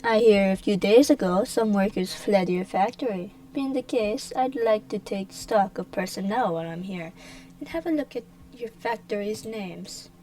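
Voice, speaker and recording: A woman voicing a smooth, menacing male noble official who speaks in formal, drawn-out sentences. The voice sits at an ordinary middle pitch for a woman. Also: mellow, close to an everyday voice, low-quality recording. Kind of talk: amateur fan dub.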